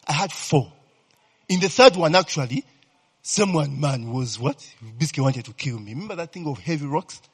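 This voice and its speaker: A man preaching with a lively, swinging delivery, his voice sitting a bit higher than most and carrying a husky edge. He keeps asking his listeners whether they follow. The sound rings out with a long hall reverb. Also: normal speed. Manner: animated, repeatedly asks "you understand, eh?". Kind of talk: sermon.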